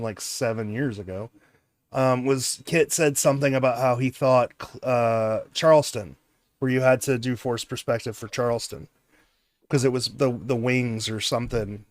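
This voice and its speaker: A man's voice: mid-range voice, dry recording. Guy hosting a stream, rambly, laughs a lot, dry sound. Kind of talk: casual livestream chat.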